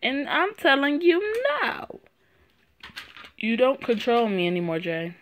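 A woman's voice: a little high, big pitch swings, measured pace, pitched above the performer's own voice. Bitter, defiant young heroine in a story game, read by a woman in her own voice.

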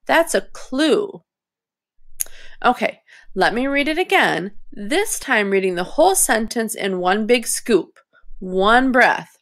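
A woman's voice: a little high, expressive, slow pace, fairly bright tone. A woman teaching young readers, thinking aloud as she models reading a story in phrases. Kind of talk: reading lesson for children.

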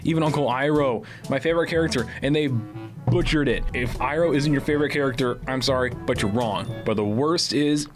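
A man's voice: medium pitch, brisk, over music. A young man hosting a student comedy segment, ranting in exasperation about a bad movie. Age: young adult. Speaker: segment host, movie critic. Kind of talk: scripted comedic movie rant.

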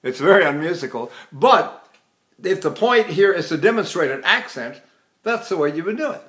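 An older man teaching vocal technique, explaining calmly and breaking into operatic tenor singing and short staccato exercises. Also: a little high, normal speed. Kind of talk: vocal technique lesson with sung demonstrations.

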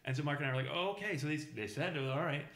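A man's voice: on the high side, racing, fairly bright tone. Rambling man from in an echoey room. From Boston, USA. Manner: rambling, many fillers and restarts, mimics people he quotes. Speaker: podcast guest telling a travel story. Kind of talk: casual storytelling chat.

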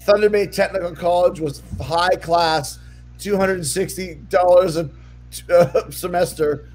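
A man's voice: high voice, fairly even intonation, measured pace, darkish tone. A middle-aged man co-hosting a podcast, chatting casually and teasing his friends with jokes. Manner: teasing, joking, laughs often. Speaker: podcast co-host. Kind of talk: casual chat.

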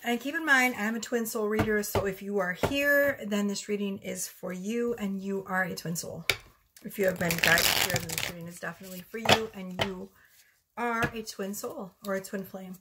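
A woman's voice: mid-range voice, normal speed, noisy background. A woman giving a casual tarot reading, chatty and rambling, a little out of breath. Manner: chatty, rambling, self-correcting. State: slightly out of breath. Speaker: tarot reader.

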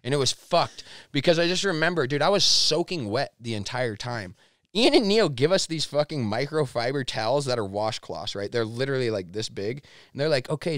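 A man in his thirties, a podcast guest, telling a wild story in casual chat, dropping to low mutters and rising to shouts. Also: no echo, studio quality. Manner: animated, profane, swings from low mutters to shouting. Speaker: podcast guest, pro skier.

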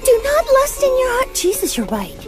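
A woman voicing a frantic, excitable kid in a comedic cartoon dub, yelling and swearing. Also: extremely high pitch, normal speed, loud music behind the voice, full character voice.

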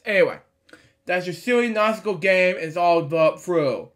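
A man with a fairly high, slightly bright voice reads a kids' storybook at home at a moderate pace one night. It's a casual read-aloud where he trips over words and interrupts himself with blunt, irreverent remarks.

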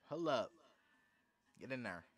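A man commentating his own basketball video game, swinging from low muttering to excited shouting. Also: slow. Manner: hyped, shouting bursts between low muttering. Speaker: gaming streamer. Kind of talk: excited live commentary over gameplay.

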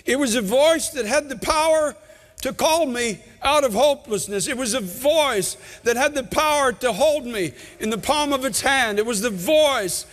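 A pastor preaching an impassioned sermon, his voice often rising to shouts. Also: extremely high pitch, normal speed. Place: large church sanctuary. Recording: long church reverb.

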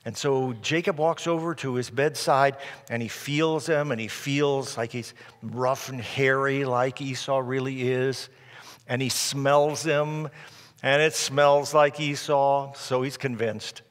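Brief: pastor narrating a sermon story, mid-range voice, echoing sanctuary. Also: male voice, unhurried. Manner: dramatic storyteller, drops soft and low at tense moments. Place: church sanctuary. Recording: long reverb of a large hall.

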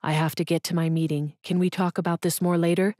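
A woman's voice: lowish voice, little pitch movement, quick pace, darkish tone, dry recording, clean studio sound, natural voice. A woman voicing a hurt, earnest male boss.

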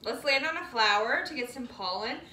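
A woman's voice: on the high side, lively intonation, brisk, sharp tone, slight background noise. A woman leading a children's yoga class in a playful, sing-song, coaxing way, with animal sounds along the way. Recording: roomy sound from a distant mic.

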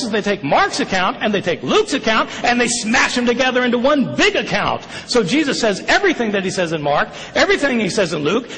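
A male lecturer with a high voice that swings widely as he presses his points. He speaks emphatically and asks question after question, sometimes rushing ahead. The sound rings with the long reverb of a large hall. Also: a bit bright. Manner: emphatic, questioning, fast bursts. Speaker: lecturer on the New Testament. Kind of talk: public lecture.

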